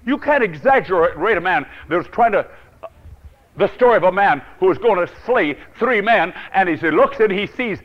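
A male preacher telling a Bible story in a dramatic sermon, swinging from loud to hushed and chuckling often. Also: sits high, animated, normal speed, muffled recording.

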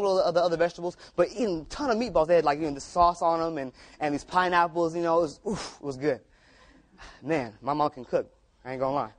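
A man preaching a sermon through casual, repetitive stories. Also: high voice. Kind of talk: storytelling sermon.

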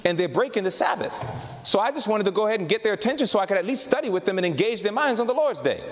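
Animated male preacher in a reverberant hall. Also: sits high. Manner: animated storytelling, slowing down for emphasis. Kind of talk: sermon.

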